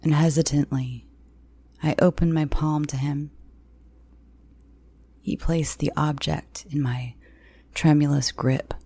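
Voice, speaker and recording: Brief: woman narrator for a horror story, low and gravelly, dry close mic. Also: steady tone, no room sound. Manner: slow, hushed, often near-whispered. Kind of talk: first-person dark audio fiction narration.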